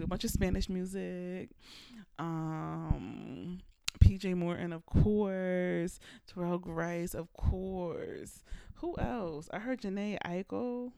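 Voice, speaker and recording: A woman's voice: on the low side, creaky, dark tone, no room sound, clean studio sound. A woman hosting a podcast, chatting casually and playfully, talking straight to her listeners. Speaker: podcast host. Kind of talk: casual chat. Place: indoors, at home.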